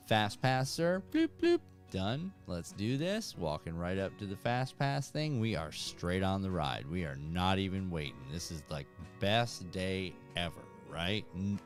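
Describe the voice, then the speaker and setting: Low-voiced man telling a lively story. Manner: animated, acts out voices in anecdotes. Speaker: fishing channel host. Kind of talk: casual storytelling to viewers.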